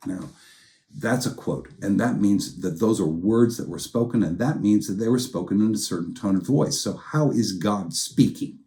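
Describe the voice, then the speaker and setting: A man's voice: lowish voice, moderate pace, dark tone. A man preaching a sermon as pastor, telling a story in a conversational way and acting out quoted lines in different tones of voice.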